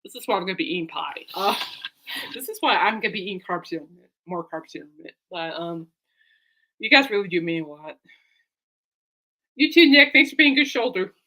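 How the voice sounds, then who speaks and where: A woman's voice: fairly low pitch, expressive, a little fast, long pauses, pushed and bright. A woman talking casually to her camera as a vlogger and fan, rambling and heartfelt, turning aside to talk to her dog.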